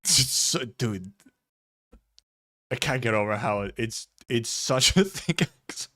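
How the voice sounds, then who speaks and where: Rambling streamer, laughs a lot. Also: male voice, mid-range voice, expressive, slow pace, sharp tone, faint music behind. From Finland. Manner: rambling, laughs often, swears casually. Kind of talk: casual livestream commentary.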